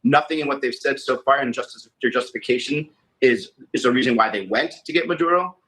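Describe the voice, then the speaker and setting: Lawmaker guy answering a reporter, quick bright voice, firm and argumentative. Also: mid-range voice, low-quality recording. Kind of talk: answering a press question.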